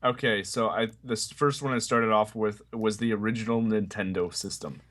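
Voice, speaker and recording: A young man, a gamer and college student, chatting as a podcast guest, relaxed and joking about himself. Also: on the low side, moderate pace. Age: young adult. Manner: relaxed, joking, self-deprecating. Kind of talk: casual podcast chat.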